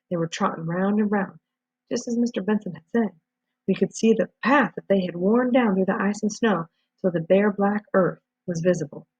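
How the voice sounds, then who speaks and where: A woman reads a novel aloud in a husky voice, keeping a steady storytelling pace with small slips and restarts. The recording is dull and lo-fi. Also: mid-range voice, no room sound. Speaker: reader.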